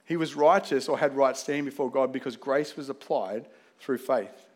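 A man's voice: medium pitch, moderate pace. A man preaching a conversational sermon, acting out bits of dialogue as he teaches. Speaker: pastor.

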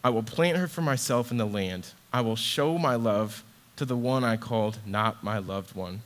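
A man's voice: on the low side, normal speed. A man from a church ministry team reading a Bible passage aloud and reflecting on it in an earnest, heartfelt way, often repeating words as he goes. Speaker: church ministry associate director. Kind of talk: devotional scripture reading and reflection.

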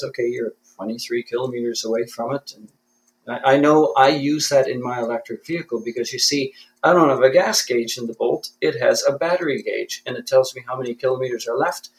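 A man's voice: medium pitch, low-quality recording. A man from Canada, a guest in an interview, talking in a thoughtful, self-deprecating way and often restarting his sentences. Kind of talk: conversational interview.

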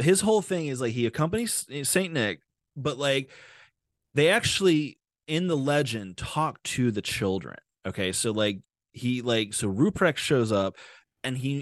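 A man hosting a podcast in casual chat, animated and full of fillers and swearing. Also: medium pitch, no echo, studio quality. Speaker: podcast host.

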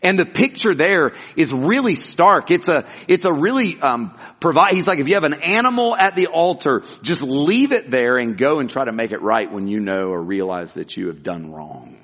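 A man's voice: fairly high pitch, expressive, moderate pace, few pauses, fairly bright tone, husky, in a large hall. A man preaching a sermon as a pastor, earnest and emphatic, asking rhetorical questions and answering them.

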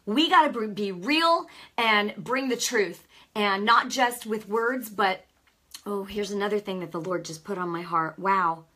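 A woman's voice: mid-range voice, measured pace, bright, forceful tone. A woman giving an informal, fervent sermon, conversational and full of restarts and asides. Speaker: lay preacher.

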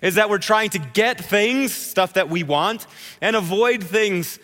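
Animated preacher man in a reverberant hall. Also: sits high, unhurried. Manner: storytelling, conversational and animated. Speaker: pastor. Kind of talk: sermon.

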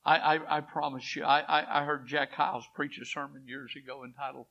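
A man preaching a sermon. He tells a story and swings from hushed quotes to loud swells. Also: fairly high pitch, steady tone, fairly quick, gravelly, hardly any pauses. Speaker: pastor. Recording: dull lo-fi church recording.

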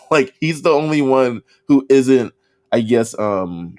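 A man's voice: mid-range voice, expressive, slow pace, darkish tone. A man co-hosting a podcast, recapping an anime episode in casual chat, acting out characters' lines and laughing often. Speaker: podcast co-host.

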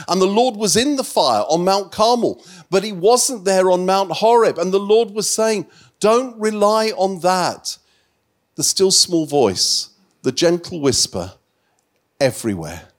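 A man preaching a sermon, telling a Bible story with lively acted-out dialogue and frequent stammered restarts. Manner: animated storytelling preacher, acts out Bible dialogue with rising pitch.

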